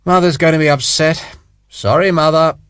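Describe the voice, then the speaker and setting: A man's voice: on the high side, fairly even intonation, moderate pace, a bit bright, clean tone, no echo, studio quality, pitched above the performer's own voice, natural voice. A man reading an audiobook, voicing a mocking, rakish aristocratic British officer in a raised, theatrical voice. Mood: rueful joking. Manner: teasing, theatrical, bellowing. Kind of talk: audiobook character voice.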